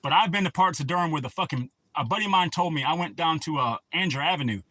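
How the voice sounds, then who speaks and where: A man's voice: fairly high pitch, quick pace, pushed and bright, dry recording. A man hosting a casual livestream, telling rambling, profane stories and laughing at his own jokes. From North Carolina. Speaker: livestream host.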